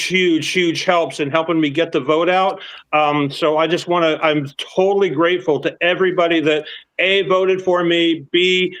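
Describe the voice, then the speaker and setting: A man's voice: fairly high pitch, fairly bright tone, smooth, low-quality recording. A man guesting as a political candidate on a live stream, upbeat and rambling through thank-yous over a video call. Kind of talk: casual live-stream chat.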